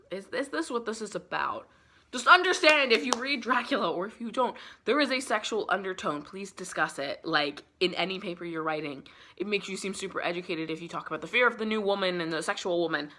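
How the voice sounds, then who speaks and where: A young woman with a rather low but bright, forceful voice chats through a book summary for her vlog. She rambles in a loose, profane, filler-heavy way. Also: expressive, fairly quick. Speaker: book vlogger.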